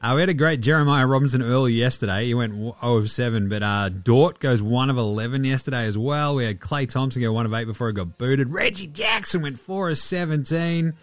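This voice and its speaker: A man hosting a casual sports recap, excitable and sarcastic, swearing freely. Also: medium pitch, brisk, hardly any pauses, dry recording. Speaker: host.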